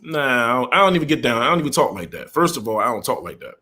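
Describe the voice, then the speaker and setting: Blunt middle-aged trucker ranting live. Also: male voice, mid-range voice, sing-song, fast talker, pushed and bright, husky. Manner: blunt, repetitive, greets viewers mid-rant. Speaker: live stream host, truck driver. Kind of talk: live-stream rant.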